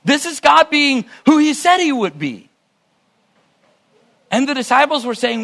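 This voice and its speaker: This male preacher speaks at an extremely high pitch, animated and creaky, at a moderate pace with frequent pauses and a somewhat bright tone. In his Bible-teaching sermon he reads a passage aloud, then reflects on it in fits and restarts.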